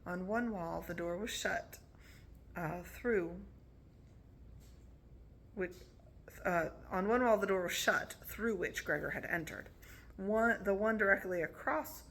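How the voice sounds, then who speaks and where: Gravelly, bright woman reading a novel aloud. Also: on the low side, slow, pauses often. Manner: casual, with slips and restarts. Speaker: reader.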